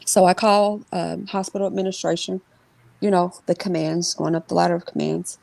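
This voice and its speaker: A woman giving an interview, telling a personal story in a quick, conversational way with many fillers and restarts and imitating the people in it. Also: fairly low pitch, little pitch movement, vocal fry, a little mellow, dry recording. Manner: voices others in her retelling. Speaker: interview guest. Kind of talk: emotional personal account in an interview.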